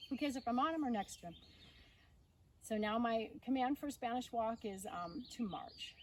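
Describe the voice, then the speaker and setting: A woman horse trainer teaching riding outdoors, coaxing her horse with soft baby talk and explaining to viewers. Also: a little high, expressive, brisk, slight background noise. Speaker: holistic veterinarian and horse trainer. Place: outdoors at a rural horse farm. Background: birds and outdoor ambience.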